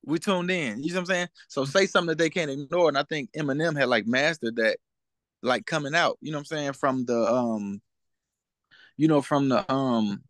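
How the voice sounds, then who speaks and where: A man's voice: medium pitch, moderate pace, a bit bright, no echo. A young man as a guest in a casual interview, talking in a laid-back way and often asking "you know what I'm saying?".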